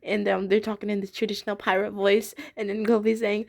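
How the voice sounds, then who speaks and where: A woman's voice: mid-range voice, flat delivery, brisk, creaky, hardly any pauses. A young woman casually reviewing a cartoon episode, chatty and giggly, with many fillers and restarts.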